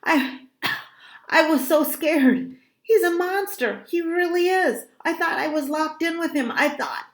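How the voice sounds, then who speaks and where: A shrill, panicky young girl, as a woman reading a storybook puts her on cries out in high, breathless bursts. Her voice jumps up and down in pitch and rings in a roomy, echoey space. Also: lively intonation, a little slow. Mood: panicked pleading. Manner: high, loud, pleading cries. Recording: roomy echo.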